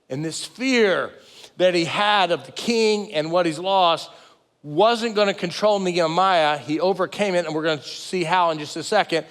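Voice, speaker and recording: Middle-aged pastor, fairly high voice, lively folksy sermon delivery that acts out quotes. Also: male voice, moderate pace, long reverb tail. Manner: animated, folksy and self-deprecating, acting out quoted lines. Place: church sanctuary with multiple campuses.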